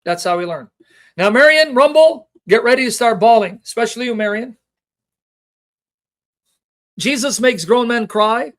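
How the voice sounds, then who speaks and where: A man with a very high voice hosts a livestream Bible teaching, talking a little slowly with long pauses. Passionate and emotional, he reads scripture references aloud and puts rhetorical questions straight to his viewers as teacher and show host.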